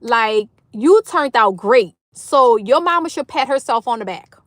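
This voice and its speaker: A middle-aged woman from New Orleans with a New Orleans accent, chatting loudly and animatedly with viewers on her livestream. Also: on the high side, a little slow, no room sound. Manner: loud, animated Southern talk with lively swings. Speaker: livestream host. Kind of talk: casual chat reading viewer comments.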